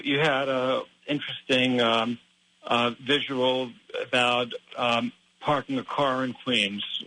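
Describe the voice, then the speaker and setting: Flat-voiced, hesitant male interviewer. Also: mid-range voice, poor audio. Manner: hesitant, full of ums and uhs. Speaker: interviewer and host. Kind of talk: interview questions.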